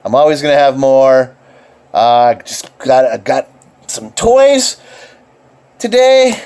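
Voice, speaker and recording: A man vlogging casually, excitable and rambling, swearing freely and restarting his sentences. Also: mid-range voice, slow, clean tone. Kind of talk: casual rambling opinion vlog.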